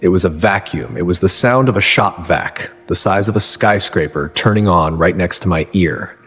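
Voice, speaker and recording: A man in his thirties from Texas, telling his own story in first person, earnest and halting, often breaking off and restarting. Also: sits low, a bit bright, husky. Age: 30s. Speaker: narrator. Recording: long reverb with music underneath.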